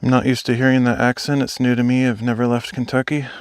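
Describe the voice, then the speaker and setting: A man's voice: mid-range voice, little pitch movement, quick pace, clean tone, dry recording, studio quality. A young adult man live streaming while hiking outdoors, chatting casually and thinking aloud as he answers viewers. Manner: rambling, thinking aloud, replies to chat. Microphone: phone.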